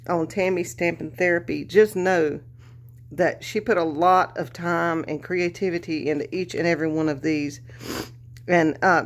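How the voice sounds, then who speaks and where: A woman, chatting in a craft vlog, gushing and emotional, close to tears. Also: lowish voice. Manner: gushing, emotional, Southern "y'all". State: near tears. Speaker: craft vlogger. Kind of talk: casual video chat.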